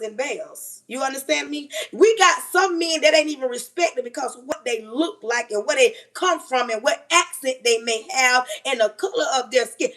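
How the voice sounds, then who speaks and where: A woman in her forties talks straight to her live viewers with a high, bright-pitched voice. She preaches her advice emphatically and keeps calling her listeners "baby." It is a casual, heartfelt, sermon-like chat. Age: 40s. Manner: talks while doing kitchen chores. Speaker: livestream host.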